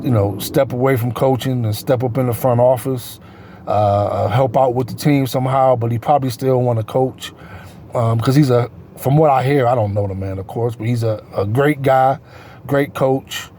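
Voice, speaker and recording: A man's voice: medium pitch, fairly even intonation, normal speed, warm tone, slight background noise. A man giving casual solo sports talk as a host, rambling and correcting himself with many fillers.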